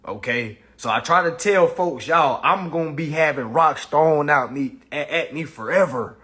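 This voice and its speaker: A man teaching and mentoring, talking casually to his viewers in a blunt, profane, animated way. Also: a little high, normal speed, few pauses, slightly rough. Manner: blunt, profane, animated, keeps saying "all right".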